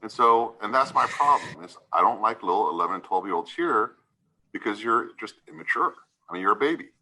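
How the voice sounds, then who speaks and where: A man's voice: on the low side, expressive, fairly quick, bright, forceful tone, a little hiss or hum, poor audio. A man serving as judge, giving a stern courtroom lecture and repeatedly asking "right?" to press his point.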